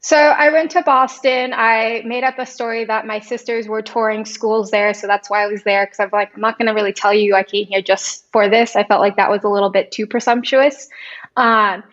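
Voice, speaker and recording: A woman's voice: medium pitch, normal speed, lo-fi sound. A woman guest in an interview, telling her story in a casual way and acting out what others said. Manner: lively, quotes others in animated asides.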